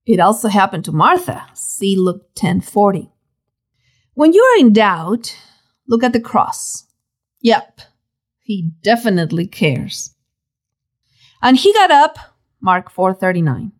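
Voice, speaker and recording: A woman giving expressive Bible teaching, telling the story dramatically and stressing key words. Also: slow pace, pauses often. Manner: dramatic, animated storytelling with sudden pitch swings.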